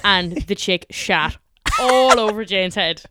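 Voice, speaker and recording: An Irish woman co-hosting a casual chat podcast, chiming in with quick reactions and her own stories. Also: medium pitch, heavy background noise. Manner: quick reactive listener, chimes in with jokes. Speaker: podcast co-host.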